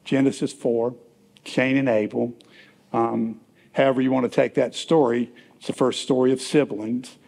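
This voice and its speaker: A man's voice: medium pitch, flat delivery, moderate pace, vocal fry, darkish tone, in a large hall. A man preaching a conversational sermon in a church, rambling a little and asking the congregation questions. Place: church sanctuary.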